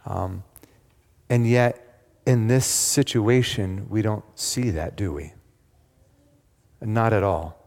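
Slow and creaky, this lowish male voice is a little mellow and leaves long pauses. The man is delivering a sermon, putting questions to the congregation and retelling things emphatically, all inside a long hall reverb.

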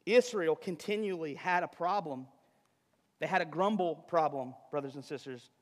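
A man preaching a sermon as pastor, animated, firing rhetorical questions at the congregation and slipping into quick impressions. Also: fairly high pitch, in a large hall.

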